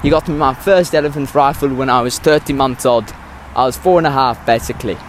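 A man hosting a comedy podcast in a mock South African accent, telling absurd stories in a meandering, deadpan way, full of hesitations. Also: medium pitch, a little fast, slight background noise. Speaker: podcast host. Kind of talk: rambling comedic podcast monologue.

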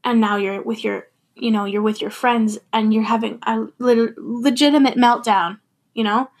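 A woman's voice: on the high side, fairly even intonation, moderate pace. A young adult woman talking candidly and thoughtfully about her feelings in a personal monologue, laughing now and then.

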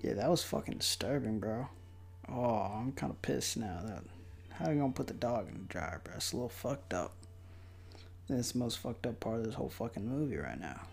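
A young man giving casual, profane commentary while watching a movie, mocking it and breaking into loud outbursts. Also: medium pitch, expressive, fairly quick, gravelly, faint music behind.

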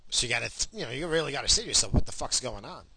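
A man's voice: medium pitch, rapid-fire, noisy background. A man delivering a profane, heated political rant, worked up and swearing often. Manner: profane, heated, ranting then calmer.

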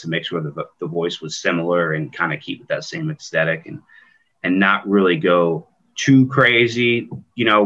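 A man's voice: deep voice, bright, forceful tone, highs cut off. A man chatting casually in an interview, laid-back and joking, telling things in a rambling way. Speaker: guest narrator on the album.

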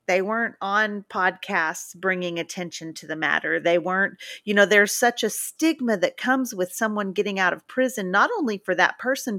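A woman's voice: medium pitch, no echo, clean studio sound. A woman hosting a casual podcast conversation, telling stories animatedly and acting out what people said. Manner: animated storyteller who acts out quotes.

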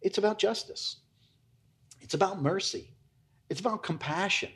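A man's voice: high voice, moderate pace, fairly bright tone. A man preaching an earnest, emphatic expository sermon to his congregation as its pastor. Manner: earnest, emphatic, addresses listeners as folks.

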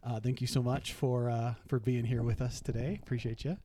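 A man's voice: medium pitch, flat delivery, brisk, warm tone, dry recording. A man hosting a podcast in a studio, talking in casual, upbeat bursts and laughing often. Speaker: podcast host. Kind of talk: casual chat.

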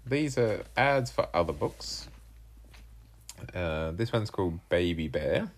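A woman reading picture books aloud to her young child at home in a playful, animated way. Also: a bass voice, slow pace.

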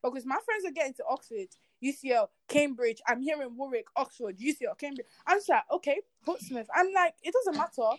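A young woman tells her story in a casual chat. Her voice sits a little high, and she acts out the people she quotes. The recording is dry and close. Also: animated, fast talker, few pauses, no echo. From Nigeria. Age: young adult. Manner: earnest, preaching faith. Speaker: guest.

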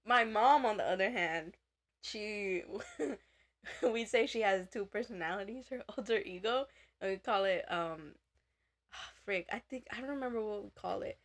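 A woman's voice: mid-range voice, normal speed. A young woman co-hosting a casual chat, laughing often and dropping Spanish words and slang into her stories. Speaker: podcast co-host.

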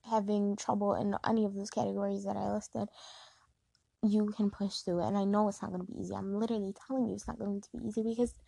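A woman's voice: medium pitch, flat delivery, fast talker, creaky, mellow, breathy edge. A young woman hosts an advice podcast from her bedroom and talks loosely, full of fillers. Her delivery stays level with little rise and fall, and the sound is dry with no room echo. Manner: chatty and rambling, many fillers. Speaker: podcast host. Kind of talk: casual advice monologue. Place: bedroom at home.

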